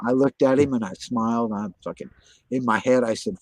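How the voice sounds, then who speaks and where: A man's voice: mid-range voice, brisk, darkish tone, dry recording. Agitated, profane man on a dry recording. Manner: agitated, profane, repeats himself insistently. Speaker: guest telling his story. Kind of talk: casual conversation.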